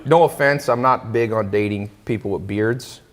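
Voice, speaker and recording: A man hosting an interview, telling a story in a casual, animated way. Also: on the low side, normal speed. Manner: animated, acts out quoted voices. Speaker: interview host. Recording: long hall reverb.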